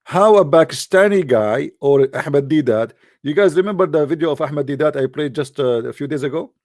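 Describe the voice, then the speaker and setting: A man's voice: on the high side, expressive, brisk, darkish tone, dry recording, studio quality. Sarcastic man with a raised voice. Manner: sarcastic, mocking, with non-native grammar. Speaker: online commentator. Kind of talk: mocking monologue.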